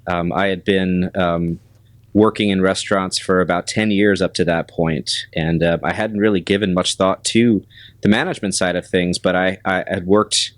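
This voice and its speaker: A man with a very low, deep voice talks through his career as a guest on an interview podcast. He speaks in a measured, halting way, with plenty of pauses and restarts. The sound is dry and close. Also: steady tone, no room sound. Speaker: restaurant general manager, guest. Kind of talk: casual interview talk.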